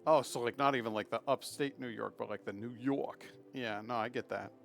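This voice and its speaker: A man from Massachusetts giving rambling, chatty live commentary while playing a game, breaking into loud laughter. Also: mid-range voice, fairly quick, gravelly. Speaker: streamer. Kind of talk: live let's play commentary.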